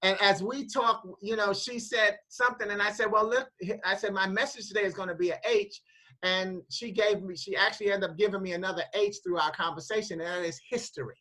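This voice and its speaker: A woman hosting a casual inspirational chat who tells animated stories, often repeating her words and laughing while she tells them. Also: medium pitch, brisk, low-quality recording. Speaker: host.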